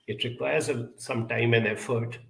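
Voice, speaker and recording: A man giving a measured, emphatic talk and answering audience questions, with many pauses and fillers. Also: medium pitch, steady tone, creaky, fairly bright tone, reverberant, low-quality recording. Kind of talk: live talk on emotional intelligence.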